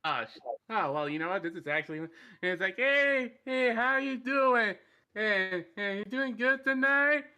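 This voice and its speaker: A man's voice: high-pitched, animated, moderate pace, pushed and bright. A man making awkward, repetitive flirting attempts on a livestream. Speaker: flirting contest participant.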